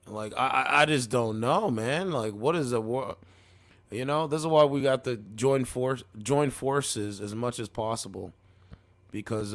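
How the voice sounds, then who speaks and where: A man giving loose, rambling casual commentary on clips as a streamer, often saying "man" and "bro". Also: fairly low pitch.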